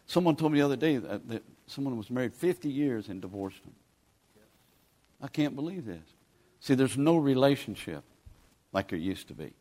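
A man's voice: mid-range voice, sing-song, moderate pace, dark tone. A man, preaching a sermon in a folksy, pleading, conversational way as a guest preacher. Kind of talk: sermon with altar call.

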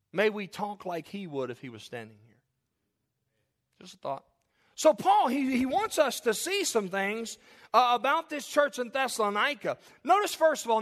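A man's voice: very high-pitched, a bit bright, in a large hall. A man preaching a sermon as pastor, emphatic with call-and-response and jokes, in a church sanctuary.

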